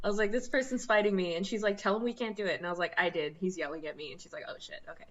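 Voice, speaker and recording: A young woman co-hosts a casual podcast, telling stories with animated, acted-out quotes and plenty of laughter. Her voice sits at a middling pitch, and the recording sounds dull and lo-fi. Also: racing. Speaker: podcast co-host.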